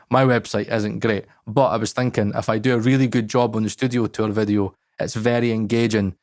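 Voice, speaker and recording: A man's voice: lowish voice, a little mellow, dry recording, studio quality. A Scottish man co-hosting a podcast in casual, blunt chat, swearing freely. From Scotland. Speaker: podcast co-host.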